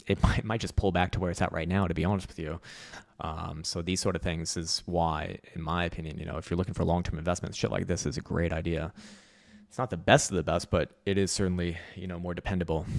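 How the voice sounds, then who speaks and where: Casual, low-voiced man talking markets. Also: gravelly, no echo, clean studio sound. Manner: loose, profane, rambling with fillers. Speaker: market analysis streamer. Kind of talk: casual livestream chart commentary.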